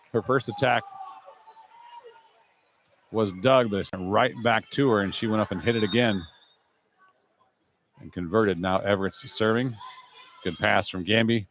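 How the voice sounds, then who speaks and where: A man's voice: lowish voice, fairly bright tone, a little hiss or hum. Man calling a volleyball match live. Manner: brisk, conversational, chatty asides. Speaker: play-by-play announcer. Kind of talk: live sports commentary.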